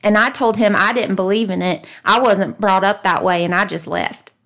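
A man's voice: sits high, fairly even intonation, moderate pace, gravelly, a bit bright. A woman voicing a defensive rural Southern man in a country accent. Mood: indignant.

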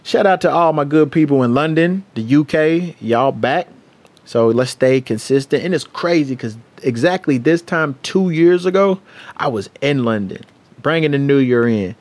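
A young man hosting his own podcast, chatting casually in a loose, profane, rambling way as he gives shout-outs. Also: fairly high pitch, expressive, normal speed. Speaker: podcast host. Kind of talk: casual solo podcast chat.

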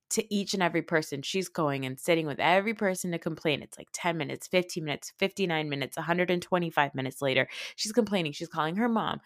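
A woman hosting a podcast, giving a casual, opinionated reality TV recap, swearing freely and mocking people with quick impressions. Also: on the low side, dry recording, clean studio sound. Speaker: podcast host.

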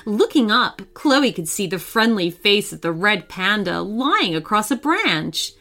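A woman narrating a children's story in a scripted, expressive way with dramatic pauses. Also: mid-range voice.

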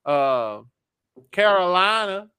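Podcast host doing a hammy Southern country boy, folksy drawl, smooth clear voice. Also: high-pitched, very animated, slow, bright, forceful tone, no room sound, full character voice. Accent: Southern US (put on).

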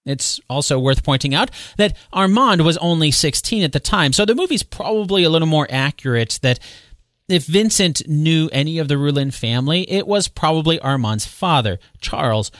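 A man hosting a solo podcast, retelling history in a conversational way with quick asides and self-corrections. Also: on the high side, a bit bright, dry recording, studio quality. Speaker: podcast host. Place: home recording space.

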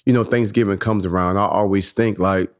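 A man's voice: fairly low pitch, fairly quick. A man in his thirties co-hosting a podcast, talking in a casual, reflective way and telling stories. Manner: reflective, storytelling with animated quoted voices. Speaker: podcast co-host.

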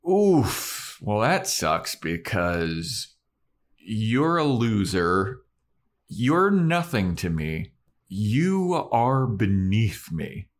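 A snobbish, cruel young woman, as a man puts her on with a raised pitch and slow, drawn-out words. Her haughty delivery comes across as a playful podcast impression. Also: sing-song. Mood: scornful.

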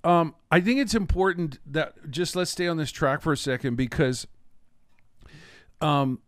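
A man co-hosting a faith podcast, making his points in an emphatic, deliberate way. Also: fairly high pitch, no room sound, studio quality. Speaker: podcast co-host. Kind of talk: conversational interview.

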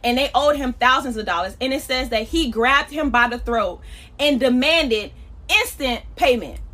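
A woman preaching a casual podcast sermon in a high, bright voice. She is emphatic and conversational, with slangy turns of phrase. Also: animated, moderate pace.

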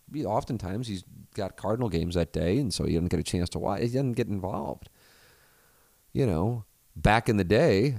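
A man's voice: sits low, creaky, a little mellow, dry recording. A man hosting a podcast in casual chat, rambling, self-correcting and swearing freely. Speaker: podcast host.

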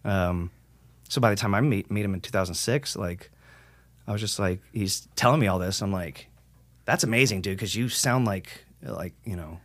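A man's voice: on the low side, moderate pace, a bit bright, no room sound. A man guest on a podcast, chatting casually and rambling, swearing freely and acting out the things people said. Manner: rambling, swears freely, acts out quoted remarks. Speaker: podcast guest, metal singer. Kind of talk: casual conversation.

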